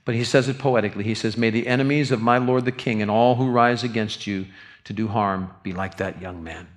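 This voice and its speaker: An older man preaching a sermon, earnest and often repeating himself, dropping to a soft voice in tender passages. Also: lowish voice, steady tone, brisk. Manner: earnest, repeats words, drops to soft tones for grief. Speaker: pastor.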